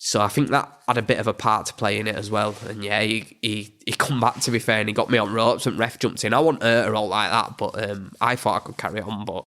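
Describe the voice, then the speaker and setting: A man's voice: on the low side, steady tone, bright, forceful tone. Young yorkshire guy, boxer on a podcast, keeps restarting his sentences. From England. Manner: halting, repeats words, plain-spoken. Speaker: boxer guest. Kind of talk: casual interview chat.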